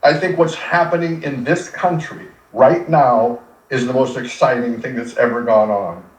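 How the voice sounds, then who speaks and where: A man's voice: mid-range voice, normal speed. Earnest older man, echoey and distant. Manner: animated, emotional and earnest. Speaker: radio personality guest. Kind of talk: conversational interview, storytelling. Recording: echoey room, distant from mic.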